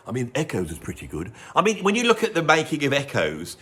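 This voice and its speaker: A man's voice: medium pitch, wildly swooping pitch, quick pace, pushed and bright, husky. A middle-aged man, hosting a casual music vlog in a cold room at home, rambling and often breaking off mid-thought. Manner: rambling, digressive, self-interrupting. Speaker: music video host.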